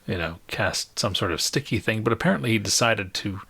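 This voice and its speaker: A man narrating a tabletop game as game master, slow and wry, with puns and chuckles. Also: lowish voice, animated, gravelly, sharp tone, husky, dry recording.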